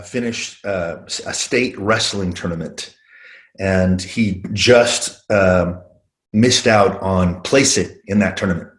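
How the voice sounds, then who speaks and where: Earnest man giving a sales talk. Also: low-pitched. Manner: earnest, storytelling, frequent fillers. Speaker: webinar presenter on phone sales. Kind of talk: motivational business presentation.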